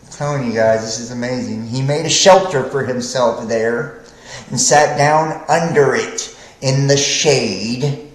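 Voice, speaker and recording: Male podcast host, slow, preachy, profane rambler, roomy echo on the mic. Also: mid-range voice. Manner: rambling, profane, keeps asking "right?". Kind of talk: preachy livestream monologue.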